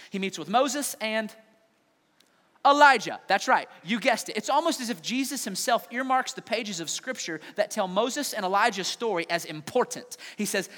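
A man preaching a sermon, telling a story with animated, playful voices. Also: sits high. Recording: long hall reverb.

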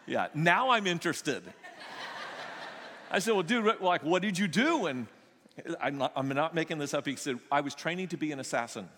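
A man pastor telling stories in a sermon, animated and joking, acting out the people he quotes. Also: on the high side, moderate pace, a little hiss or hum. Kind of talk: sermon storytelling. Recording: long echo of a large hall.

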